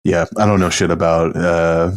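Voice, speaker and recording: A man's voice: low voice, flat delivery, moderate pace, clear, resonant tone. A man co-hosting a casual comedy podcast, making crude, dry wisecracks. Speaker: podcast co-host.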